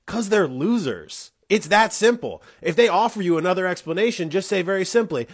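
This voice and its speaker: A man delivering a heated, scolding monologue, swinging from loud emphasis to hushed asides. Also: high voice, expressive, brisk, few pauses, slightly rough.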